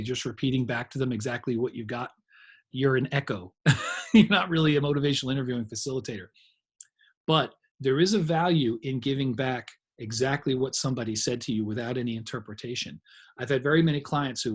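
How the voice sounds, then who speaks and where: Husky-voiced man teaching a training lecture. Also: mid-range voice. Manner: conversational, explains with examples and asides.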